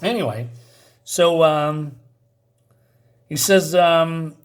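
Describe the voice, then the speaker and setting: Brief: male comic reviewer, casual and rambling, voice a little high. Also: animated, measured pace. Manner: chatty, many fillers and asides.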